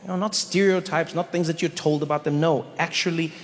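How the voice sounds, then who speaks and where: A man performing a stand-up comedy set, telling stories in an animated way with sudden exaggerated voices. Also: fairly high pitch, fairly quick. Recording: long hall reverb, faint noise.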